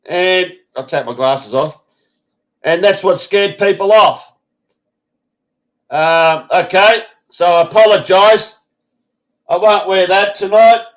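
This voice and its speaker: A man's voice: sits high, takes it slowly, long pauses, muffled recording. A man hosting a live-stream chat, rambling and swearing casually. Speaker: host.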